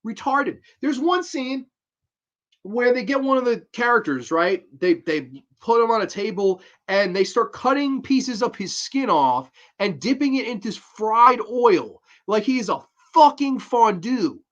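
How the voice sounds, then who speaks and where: A man's voice: very high-pitched, big pitch swings, unhurried, lo-fi sound. A man hosting a casual show, bluntly and profanely ranting through a horror movie review.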